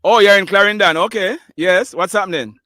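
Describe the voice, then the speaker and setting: A man's voice: sits high, fairly quick, bright, forceful tone, dry recording, clean studio sound. A Jamaican man hosting a live call-in news show, chatting in a mix of patois and English and laughing often. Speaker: live news show host taking callers. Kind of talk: casual call-in chat.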